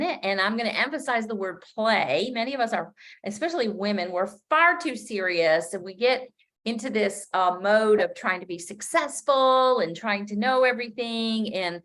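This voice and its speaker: A middle-aged woman with a medium-pitched, slightly bright voice gives a business coaching talk on a live stream. She's chatty and upbeat, speaking off the cuff with frequent fillers and restarts, and she laughs at her own slips.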